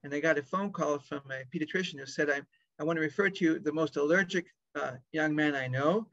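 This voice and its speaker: A man in his fifties, a pediatric lung doctor, telling a story with lively acted-out dialogue. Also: a little high, brisk, no echo. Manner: animated storyteller acting out dialogue. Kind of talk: storytelling talk. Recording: dry, dull lo-fi sound.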